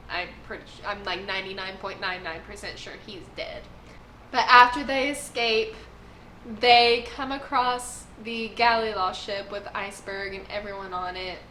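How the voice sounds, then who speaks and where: Young female reviewer, crisp bright tone, casual and effusive, echoey room. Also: on the high side. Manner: gushing, emotional fan. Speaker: anime review host. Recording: roomy echo, faint noise.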